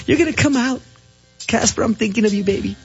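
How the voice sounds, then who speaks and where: A young woman caller, pitched well up, pours out her loyalty to a boyfriend behind bars, as a man acts her out. Her delivery is breathless and pleading with a sing-song lilt. The sound is a little muffled, with faint music underneath. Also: fast. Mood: devoted. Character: young female caller pining for jailed boyfriend.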